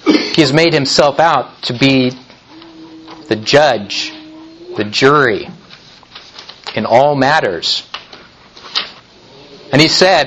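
Slow, deliberate male preacher. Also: medium pitch, a bit bright, a little hiss or hum, low-quality recording. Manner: deliberate, emphatic delivery with repeated restarts. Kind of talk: sermon.

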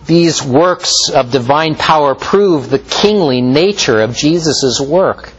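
Male preacher, sermon delivery, slow and deliberate, animated pitch, lo-fi sound. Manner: slow, measured preaching with lively pitch swings.

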